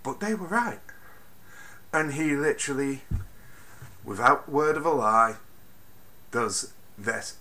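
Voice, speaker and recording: Animated, bright-voiced male film reviewer. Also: medium pitch, slow, long pauses. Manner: animated, swings from mutters to loud bursts; swears freely, exasperated rants. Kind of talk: casual spoken film review.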